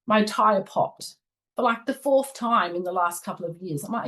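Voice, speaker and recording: A woman in a casual spiritual talk, at a middle pitch for a woman. She speaks earnestly and shares personal stories in a confiding way. She gets animated when she recalls the moments that frustrated her. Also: normal speed, low-quality recording. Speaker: spiritual channel host. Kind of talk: casual spiritual commentary and book reading.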